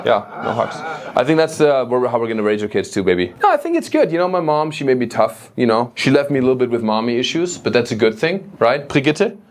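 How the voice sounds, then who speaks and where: A man's voice: mid-range voice, very animated, fast. A man from Germany with a German accent, doing stand-up crowd work in a comedy club and teasing the audience with frequent laughs. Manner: teasing, laughing between lines.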